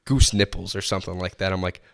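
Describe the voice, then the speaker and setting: A man's voice: low voice, fairly even intonation, quick pace, gravelly, smooth. A young man co-hosting a podcast, joking in a laid-back, casual way. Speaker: podcast co-host. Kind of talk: casual chat.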